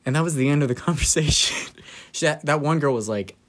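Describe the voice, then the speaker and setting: A young man on a podcast, casually telling dark childhood stories with laughter and quoting people in put-on voices. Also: on the high side, quick pace, slight background noise. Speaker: podcast co-host. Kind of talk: casual storytelling chat.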